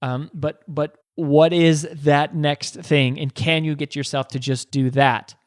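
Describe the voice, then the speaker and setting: A man's voice: fairly high pitch, flat delivery, a little slow, no echo, clean studio sound. A man hosting a podcast, telling a motivational story earnestly, with frequent restarts and rhetorical questions. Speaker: podcast host.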